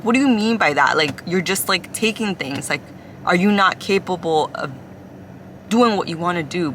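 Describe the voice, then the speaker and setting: A woman's voice: on the low side, bright, forceful tone, a little hiss or hum. A young woman from Ecuador and the US, confiding in a rambling casual chat to a phone camera inside a car, full of "like" fillers. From Ecuador, then the US. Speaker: vlogger.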